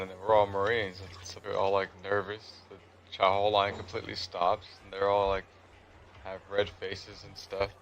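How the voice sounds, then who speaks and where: A man with a very low voice and a gravelly, fry-laden edge chats through a meandering story while playing a game. He keeps a casual, conversational tone, and a faint background hiss sits under his voice. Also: a bit bright, lo-fi sound. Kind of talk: casual storytelling over gameplay.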